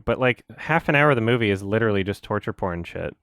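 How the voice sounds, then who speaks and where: A young man co-hosting a podcast, chatting casually in a quick, rambling, sarcastic way and laughing often. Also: on the low side, expressive, a bit bright, smooth, dry recording, studio quality. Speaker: podcast co-host. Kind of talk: casual chat.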